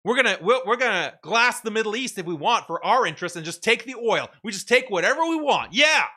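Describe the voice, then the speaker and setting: A man mockingly voicing a swaggering, boastful male braggart with a loud, slow bark. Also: sits high, animated, pitched above the performer's own voice, exaggerated voice.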